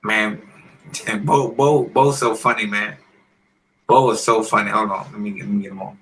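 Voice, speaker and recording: A man in his fifties, a former boxer and podcast guest, telling animated stories in a casual interview and often clearing his throat. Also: on the low side, normal speed, background noise. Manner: animated storyteller who acts out quoted voices.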